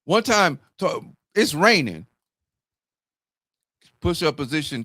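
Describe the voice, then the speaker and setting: Lively storytelling man, dry close sound. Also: a little high, slow pace, no room sound. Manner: storytelling, candid and profane. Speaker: host. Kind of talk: casual chat.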